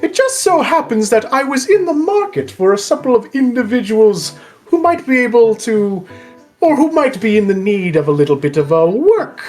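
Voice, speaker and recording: A woman's voice: a little high, big pitch swings, moderate pace, darkish tone, soft background music, pitched above the performer's own voice. A woman voicing a flamboyant, pompous older man bard who talks in a grandiose, florid, theatrical way. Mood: persuasive.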